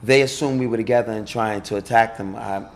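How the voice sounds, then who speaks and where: A middle-aged man with a New York accent, a former police officer, telling a story in halting conversation full of fillers and restarts. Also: on the low side, steady tone.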